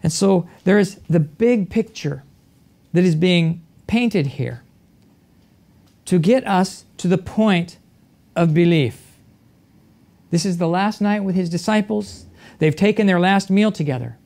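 Preacher with measured rhetorical questions. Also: medium pitch, creaky, darkish tone. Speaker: pastor. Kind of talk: sermon.

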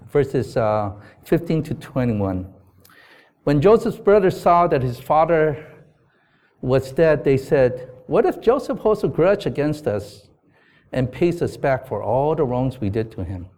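A man's voice: mid-range voice, darkish tone. Earnest man preaching a sermon. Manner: earnest, conversational preaching with asides to the congregation; reads scripture aloud. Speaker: pastor.

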